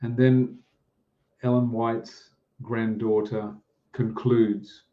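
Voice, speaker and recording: A man preaching a sermon and leading a prayer, speaking slowly with pauses and fillers. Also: on the low side, steady tone. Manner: slow, halting delivery with pauses and fillers. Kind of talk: slow, deliberate sermon with prayer. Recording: dull, muffled lo-fi sound.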